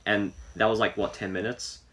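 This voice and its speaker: A man's voice: on the low side, level tone, normal speed, a bit bright. A man co-hosting a casual podcast, rambling through his thoughts with lots of fillers and restarts. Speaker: podcast co-host. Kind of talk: casual chat.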